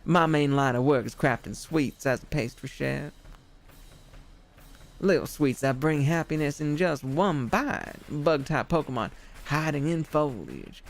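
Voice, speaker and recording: A man reading the lines of a polite, gentle female pastry-chef gym leader from a video game in a mild, soft tone, with a slightly gravelly voice. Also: fairly high pitch, expressive, unhurried, faint music behind. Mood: gracious.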